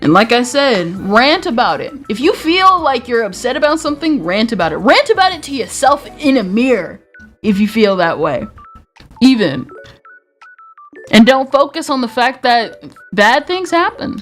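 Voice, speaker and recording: Lively woman streamer with a slight Southern twang. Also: on the high side, normal speed, faint music behind. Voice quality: lively, laughs often, stutters and restarts. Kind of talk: casual chat.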